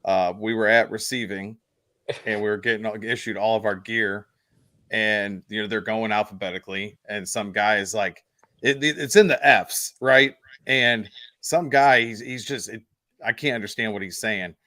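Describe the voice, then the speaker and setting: A man co-hosting a podcast, recounting a memory in halting, self-deprecating casual talk. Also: on the low side, fairly even intonation, pushed and bright, dry recording. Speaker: podcast co-host. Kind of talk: casual chat.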